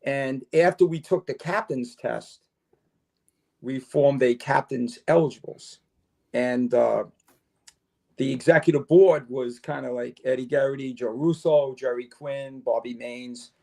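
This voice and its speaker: With an unhurried pace, medium pitch and vocal fry, an older retired fire chief speaks as a podcast guest. The relaxed interview is full of his long, lively stories, with dialogue acted out.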